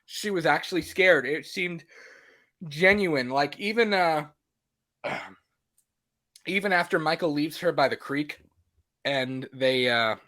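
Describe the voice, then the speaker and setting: A man's voice: a little high, slow pace, pauses often, bright, forceful tone, no room sound. A man co-hosting a casual movie podcast, rambling with plenty of fillers and restarts. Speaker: podcast co-host.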